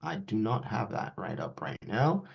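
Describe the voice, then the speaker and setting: Gravelly and lowish, this man's voice moves at a moderate pace while he runs a lively live trading class. Addressing his students directly, he quotes their questions back in a raised voice. Sound quality is dull and lo-fi.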